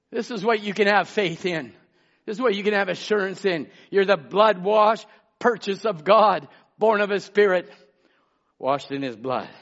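A man preaching a sermon as pastor, swinging between emphatic shouts and hushed asides and calling out listeners by name. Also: high-pitched. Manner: calls out congregation members by name. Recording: dull lo-fi sermon recording.

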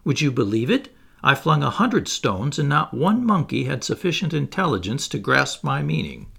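A man reading the part of a kindly but pompous old lord, complaining in a gravelly, husky voice that swoops up and down. He sounds sorry for himself and puffed up with importance. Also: mid-range voice, very animated, moderate pace, sharp tone, pitched above the performer's own voice, heavily acted. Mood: plaintive. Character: elderly male aristocrat, kindly and pompous.

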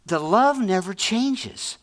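A man's voice: high-pitched, lively intonation, slow. A middle-aged man preaching a sermon with fervent conviction, repeating phrases for emphasis. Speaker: pastor.

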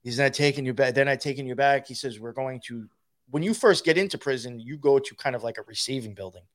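A man's voice: medium pitch, quick pace. A man telling a rambling, profane story in casual conversation, laughing as he goes. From New York.

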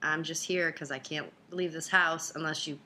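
A woman's voice: low voice, steady tone, moderate pace, sharp tone. A woman chatting casually, playful and teasing, gushing over her friend. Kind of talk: casual chat.

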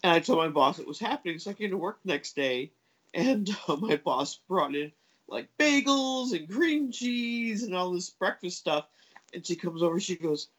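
A woman telling a long personal story in casual chat, hesitant and full of fillers and restarts, jumping up in pitch when she acts out what others said. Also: lively intonation, normal speed, poor audio. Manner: acts out quoted voices with big pitch jumps.

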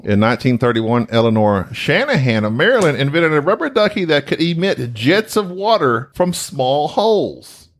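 Lively man telling trivia. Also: a little high, moderate pace. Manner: playful, tells trivia and corny jokes. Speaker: podcast host. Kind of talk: casual chat. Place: convention hotel.

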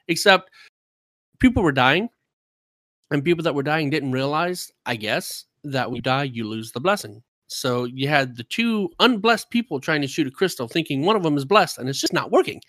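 Bright-voiced man ranting about gaming. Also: high voice, expressive, fairly quick, no room sound. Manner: talkative, worked-up storytelling. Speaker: streamer and gamer. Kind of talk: casual podcast chat.

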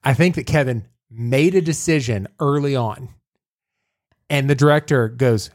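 A man's voice: medium pitch, a little slow, darkish tone, no echo, studio quality. A man hosting a podcast, recapping a movie in casual chat, rambling with lots of fillers and laughs. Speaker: podcast host.

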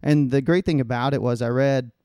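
A podcast co-host, talking bluntly and sarcastically and swearing often. His voice is warm, smooth and resonant, and it sounds dry and close to the mic. He keeps to a casual chat style. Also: medium pitch, brisk, dry recording.

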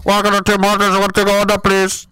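A man voicing a flustered female fast-food drive-thru worker who stammers and repeats herself. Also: high voice, completely flat delivery, bright, forceful tone, smooth, no echo. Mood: hesitant.

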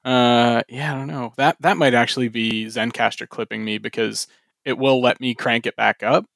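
Relaxed man hosting a podcast. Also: mid-range voice, normal speed, vocal fry, no echo. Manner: relaxed, swears casually, a few fillers. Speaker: podcast host. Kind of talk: casual chat, show introduction.

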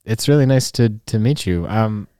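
A man's voice: on the low side, lively intonation, normal speed, dark tone, smooth, no echo, clean studio sound. A man hosting a comedy podcast, rambling and joking with frequent laughs. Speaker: podcast host.

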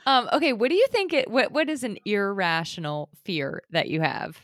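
A woman's voice: mid-range voice, lively intonation, normal speed, dry recording, studio quality. A woman hosting an interview, upbeat and encouraging, laughing often between questions. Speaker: podcast host. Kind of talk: casual interview.

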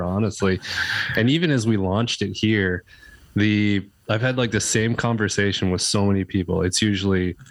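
A man hosting a podcast, telling a story in a casual, animated way and swearing freely. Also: fairly low pitch, a little fast. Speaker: podcast host.

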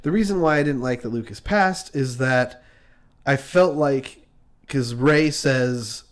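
A man talking casually about a film. His speech rambles, restarts and leans on fillers. The voice sits at a middling pitch. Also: slow.

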